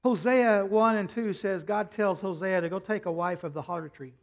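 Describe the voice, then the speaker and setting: Pastor, male, high voice, rising and falling sermon delivery, muffled lo-fi recording. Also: moderate pace. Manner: preaching with swings from quiet to loud, frequent "uh" fillers.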